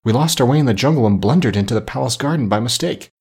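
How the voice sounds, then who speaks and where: A man's voice: medium pitch, lively intonation, breathy edge. A man voicing a clever, bossy parrot. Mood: hushed scolding. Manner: brisk, bossy, hushed at times. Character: clever female parrot, sharp and scheming.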